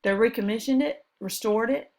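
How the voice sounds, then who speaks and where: A woman's voice: a little high, moderate pace, a little mellow. A woman teaching history over slides, chatty and enthusiastic, with asides about the pictures. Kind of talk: recorded classroom lecture over slides.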